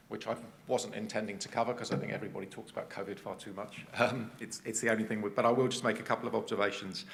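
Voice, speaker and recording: Gravelly English man giving a talk. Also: on the low side, slight background noise. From England. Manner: chatty, self-deprecating asides. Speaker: conference speaker. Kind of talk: conference presentation.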